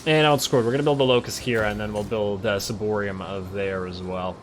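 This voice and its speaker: A man hosting a let's play, casually commenting on a strategy game while thinking aloud, correcting himself and getting excited. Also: lowish voice, slight background noise. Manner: excitable, quick to laugh.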